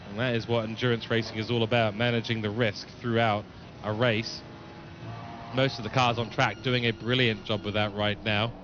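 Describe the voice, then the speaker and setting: A man's voice: mid-range voice, highs cut off, background noise. A man from New Zealand with a mixed English and New Zealand accent, giving live race commentary and reading viewer chat aloud. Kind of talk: live sim-racing commentary.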